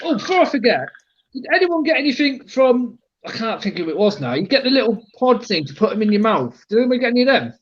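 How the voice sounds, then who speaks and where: A man's voice: very high voice, big pitch swings, fast, muffled recording, a little hiss or hum. A man from the UK chatting casually and boasting in football banter. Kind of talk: casual chat.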